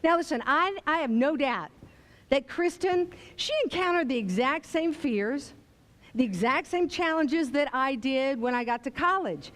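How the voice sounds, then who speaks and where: Woman keynote speaker, high voice, slow deliberate pacing, theatrical and emphatic. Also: animated, a bit bright. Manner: theatrical, emphatic, engages audience with call-and-response. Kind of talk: motivational keynote speech.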